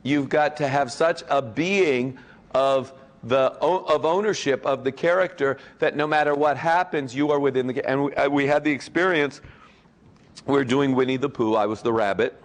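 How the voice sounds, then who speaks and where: A man of middling pitch speaks as a convention's guest of honor. He tells rambling, joking anecdotes to the audience and keeps breaking off with fillers and restarts. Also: moderate pace.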